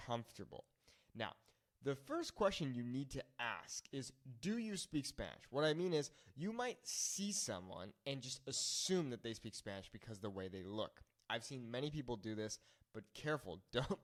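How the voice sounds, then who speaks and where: Lively male Spanish teacher. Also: mid-range voice. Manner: lively, explains phrases slowly then repeats them. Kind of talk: casual video lesson.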